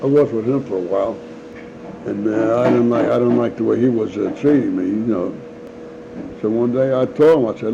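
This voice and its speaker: Old new guy spinning yarns, does all the voices, gravelly, kinda muffled home tape. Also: medium pitch, brisk. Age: older. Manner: animated storyteller acting out voices, laughs often. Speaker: interviewee. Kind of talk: storytelling. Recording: dull lo-fi home recording with faint noise.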